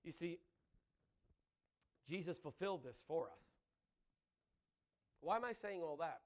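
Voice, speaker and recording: Man preacher, high voice, wildly swinging pitch, laughs mid-thought, calls for amens. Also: a little slow. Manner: animated, often asks the congregation "Amen?"; breaks into laughter mid-sentence. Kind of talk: sermon.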